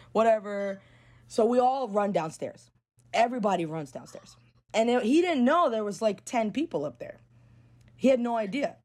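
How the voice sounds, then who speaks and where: A woman's voice: mid-range voice, darkish tone. A young woman telling a story bluntly and casually, swearing freely and filling her talk with "like". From New York. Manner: blunt and profane, lots of "like". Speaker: guest.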